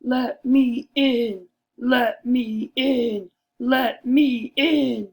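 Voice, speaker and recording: Woman doing a big bad wolf, slow and pushy, stretches the words out, kids storybook. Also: on the high side. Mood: demanding. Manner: slow, drawn-out demanding.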